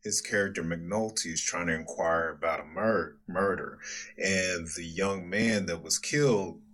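Very deep-voiced, slow-talking man. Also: a bit bright. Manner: unhurried, shares trivia. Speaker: podcast co-host. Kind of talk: casual TV review chat.

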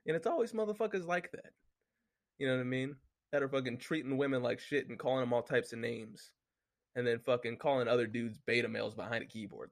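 A man's voice: mid-range voice, fast talker, creaky. A man talking casually and heatedly, cursing constantly and filling his speech with "you know what I'm saying" as he reads off his notes. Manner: profane, heated, full of fillers. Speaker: solo commentator reading from notes. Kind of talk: casual rant and sports talk.

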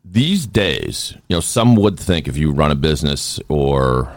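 Very deep-voiced man hosting a podcast. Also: very animated, measured pace, dry recording, studio quality. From Boston area. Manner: chatty, rambling with fillers and restarts. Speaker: podcast host. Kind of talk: casual interview chat.

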